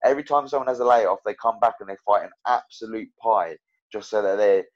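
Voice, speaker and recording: Low-voiced fighter, rambling frankly. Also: male voice, brisk, highs cut off. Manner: rambling, self-correcting, frank about his own loss. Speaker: MMA fighter guest. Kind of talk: casual interview chat.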